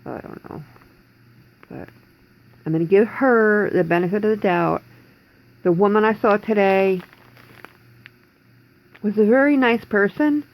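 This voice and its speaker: A woman's voice: medium pitch, measured pace, long pauses, poor audio. A woman in her forties talking in a rambling, distressed way in a personal video diary from home, holding back tears. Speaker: vlogger.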